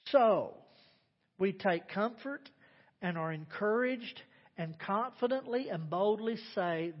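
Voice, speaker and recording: A male pastor delivers a sermon in a fairly high voice, pushing phrases out loudly and then dropping to quiet, personal asides. His voice carries a long, ringing reverb from a large church space. The recording itself sounds somewhat dull and muffled. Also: animated, slow. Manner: emphatic preaching, swinging between loud declarations and quiet asides.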